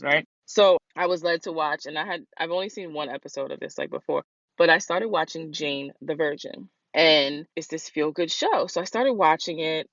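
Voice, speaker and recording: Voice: mid-range voice, a bit bright. A solo podcast host talks in a loose, rambling way, often circling back with "like" and "you know". The sound is dull and muffled, with no room echo at all. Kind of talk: casual solo podcast monologue.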